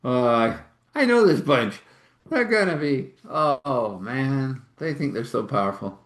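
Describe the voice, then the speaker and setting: Man doing a cheery gravelly junk collector. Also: mid-range voice, expressive, a little slow, roomy sound, pitched above the performer's own voice. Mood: amused. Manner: chuckling, easygoing.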